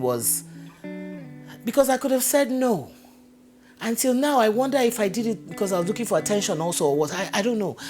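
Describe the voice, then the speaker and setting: Woman, Nigerian English accent, deep voice, candid chatty stories, guitar playing behind. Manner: lively, chatty, breaks into laughter. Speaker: interviewee. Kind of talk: candid personal storytelling. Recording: voice over guitar music bed. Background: guitar music.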